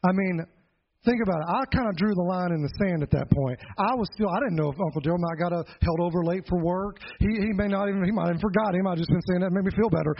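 A middle-aged pastor preaching a Sunday sermon, telling a childhood story in an earnest, folksy way with joking asides. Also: male voice, sits high, fast, creaky, a little hiss or hum. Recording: dull lo-fi sound.

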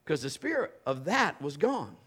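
Animated male preacher, slightly high voice. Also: moderate pace, slightly rough. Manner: animated, swings from loud bursts to low intimate tones. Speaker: pastor. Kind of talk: sermon.

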